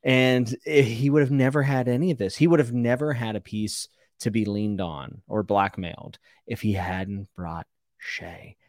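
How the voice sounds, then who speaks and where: A man co-hosting a casual book discussion podcast, giving blunt, animated opinions. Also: mid-range voice, unhurried, no echo, studio quality. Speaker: podcast co-host.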